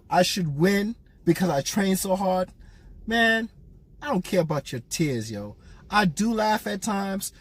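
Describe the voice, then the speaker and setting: A man's voice: sits high, husky. A man giving a blunt, profane, mocking rant as a boxing commentator.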